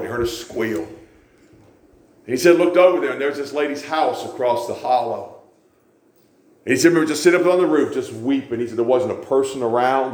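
A male preacher delivers a sermon in a roomy, echoing church. His voice sits at an ordinary pitch, and he drives points home by repeating phrases. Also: a little mellow.

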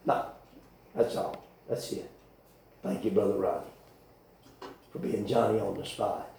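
Pengkhotbah pria beraksen Selatan AS, bergema. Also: male voice, lowish voice, fairly even intonation, measured pace, gravelly, a little hiss or hum. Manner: folksy, rambling, sudden shouted bursts. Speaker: preacher. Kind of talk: folksy sermon. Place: church hall. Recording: very echoey church from far off.

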